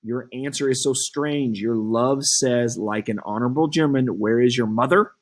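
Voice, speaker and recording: A man reading the part of an impatient young girl in love, slowly and evenly from the text in a classroom play reading. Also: medium pitch, lightly acted.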